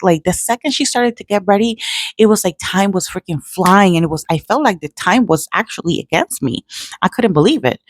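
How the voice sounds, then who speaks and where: A middle-aged woman vlogger telling a personal story in a casual, emotional, animated way. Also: on the low side, dry recording, clean studio sound. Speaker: nail artist vlogger.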